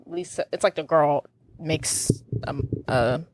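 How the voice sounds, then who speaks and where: A woman co-hosting a podcast in casual chat, easygoing and quick to laugh, telling stories in loose run-on sentences. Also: deep voice, darkish tone, no echo. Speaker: podcast co-host.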